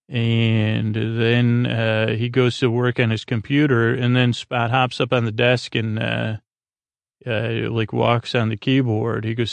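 Gravelly, flat-voiced man recapping casually. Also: mid-range voice, unhurried, no echo. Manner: rambling retelling, many fillers. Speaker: podcast host.

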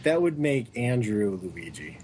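A man co-hosting a casual sports podcast, joking and ranting with animated energy. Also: medium pitch, a little slow, a little hiss or hum. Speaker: podcast co-host.

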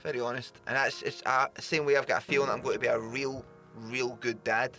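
A man's voice: mid-range voice, little pitch movement, brisk, pushed and bright, soft background music. A man co-hosting a casual podcast, joking, swearing freely and laughing often. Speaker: podcast co-host.

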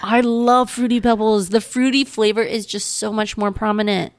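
A young woman co-hosting a podcast in casual chat, opinionated and quick to laugh. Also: fairly high pitch, fairly even intonation. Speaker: podcast co-host.

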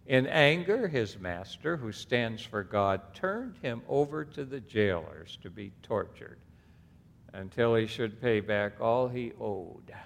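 A male pastor preaches slowly and deliberately, his pitch swinging widely as he stresses key words. He reads scripture aloud and then steps aside to comment. The voice carries with a long reverb, as in a church sanctuary. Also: animated, creaky. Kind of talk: expository sermon.

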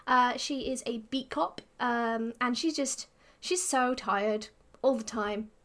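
A woman's voice: fairly high pitch, slow pace, a bit bright. A woman player on a tabletop game podcast, rambling with hesitant fillers. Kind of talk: casual podcast chat.

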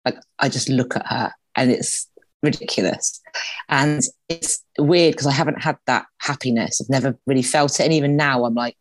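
A woman's voice: extremely low pitch, normal speed, no room sound. A woman in her forties, a podcast guest, telling candid, emotional personal stories and laughing through tears. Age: 40s.

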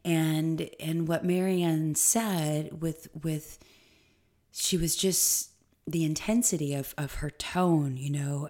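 Low, warm-voiced woman podcast host. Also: steady tone, a little slow. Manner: rambling stream of consciousness; emphatic. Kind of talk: solo spiritual podcast monologue.

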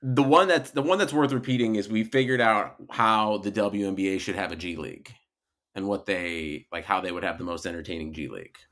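A man co-hosting a casual podcast, rambling and animated. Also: on the low side, a little fast. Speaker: podcast co-host. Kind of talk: casual chat.

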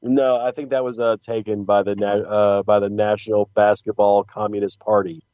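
A man's voice: on the low side, flat delivery, moderate pace, dry recording, highs cut off. A man co-hosting a wrestling podcast, chatting casually with jokes, restarts and giggles. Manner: joking, rambling with restarts and giggles. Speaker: podcast co-host.

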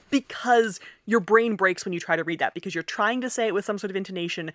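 A woman's voice: fairly low pitch, no room sound. Young woman linguist explaining, dry close sound. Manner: animated, explanatory, laughs often. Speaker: linguist and author, interview guest. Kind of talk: conversational interview.

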